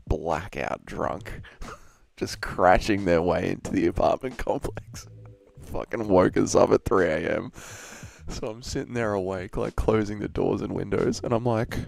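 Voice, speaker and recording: A young Australian man hosts a live watch-along, talking casually to his viewers, swearing and laughing between remarks. His voice sits low and has a gravelly fry. He sounds worn out from an early start. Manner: loose and swearing, chatting with viewers and laughing often. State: tired from an early wake-up. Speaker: streamer hosting a live fight watch-along. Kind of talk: casual live-stream chat.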